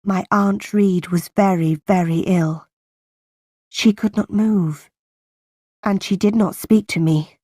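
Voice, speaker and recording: A woman narrating a simplified audiobook in a slow, plain and deliberate reading voice. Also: mid-range voice, steady tone, warm tone, dry recording, clean studio sound. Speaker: audiobook reader.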